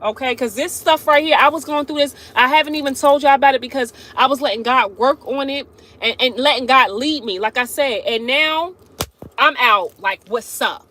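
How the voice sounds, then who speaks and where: A woman's high, bright voice in a casual live stream, chatting with her viewers. She laughs often and keeps turning to address them directly. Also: moderate pace.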